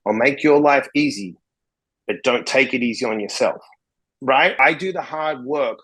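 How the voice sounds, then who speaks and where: A man's voice: medium pitch, moderate pace, a bit bright, breathy edge, rough recording. Blunt guy from australia telling stories on a podcast, cusses a lot, plays all the parts himself. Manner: blunt, swears freely, acts out quoted dialogue. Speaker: podcast guest, interventionist. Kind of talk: casual interview storytelling.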